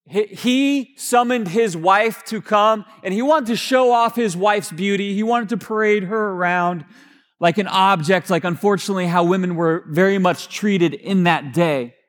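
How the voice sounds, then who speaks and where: A male pastor delivering a sermon in a conversational storytelling way, with casual fillers and restarts, and dropping to a hushed voice for emphasis. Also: high-pitched, big-room sound. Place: church sanctuary.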